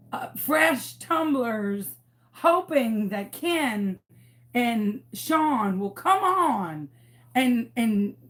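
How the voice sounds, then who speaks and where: A woman chatting in her home kitchen as a craft host, exclamatory and rambling as she tells a story. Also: fairly high pitch. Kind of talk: casual live-stream chat.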